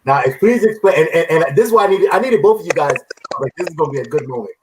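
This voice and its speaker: A man's voice: a little high, expressive, racing, a crowd in the background. A man hosting a casual car podcast, eagerly setting up questions and tripping over repeated words. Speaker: podcast host. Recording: noisy recording.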